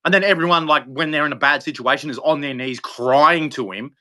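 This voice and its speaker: A man rants on a livestream about faith, his voice pitched a little high and pushed hard with a tense, forceful edge. He rambles from point to point and leaps upward in pitch whenever he stresses something. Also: animated, brisk, few pauses. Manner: rambling, preachy, jumps in pitch for emphasis. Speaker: livestream host. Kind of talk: impassioned religious monologue.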